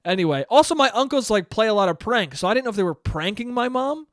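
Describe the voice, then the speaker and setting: A young man telling a rambling, profane story alone on his podcast, bursting into loud outbursts. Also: sits high, lively intonation, quick pace, no echo, studio quality. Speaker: podcast host. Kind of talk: solo podcast monologue.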